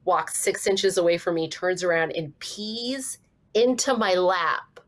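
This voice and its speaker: A woman comedian, a podcast guest, chatting casually and telling animated stories with casual swearing. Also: on the low side, a little slow.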